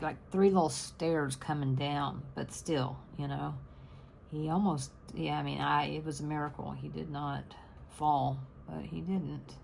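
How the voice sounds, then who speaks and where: A woman's voice: deep voice, vocal fry, darkish tone, slight background noise. A middle-aged woman, chatting casually and rambling to her channel's viewers. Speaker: crafting channel host.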